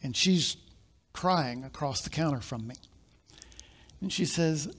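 A male pastor with a notably high-pitched voice, preaching live in church. He tells stories in a low, confiding way, then lifts into loud, emphatic preaching. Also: a little slow, long pauses. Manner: storytelling, swinging from quiet asides to loud emphatic preaching. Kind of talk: sermon.

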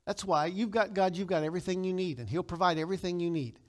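Male pastor, high voice, conversational sermon with emphatic call-and-response bursts. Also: fast talker. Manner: conversational, with emphatic loud bursts when quoting scripture; leads the congregation in call-and-response.

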